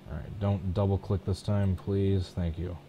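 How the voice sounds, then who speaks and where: A man with a low, mellow voice talks casually into a desk microphone, thinking aloud as he works. He is relaxed and a little self-deprecating, narrating each small step for a live stream audience. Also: normal speed, a little hiss or hum. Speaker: live streamer painting a race truck. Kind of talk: casual thinking-aloud commentary while working.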